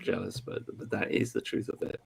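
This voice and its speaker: A man's voice: fairly quick, a little mellow. A man, bantering teasingly in a casual podcast chat. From West Country, England.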